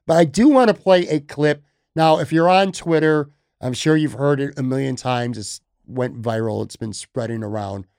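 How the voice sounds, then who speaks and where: A man hosting a casual sports podcast who talks in an excitable, knee-jerk way. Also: mid-range voice, normal speed, smooth, dry recording, studio quality. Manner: excitable, self-admitted knee-jerk reactor. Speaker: podcast host.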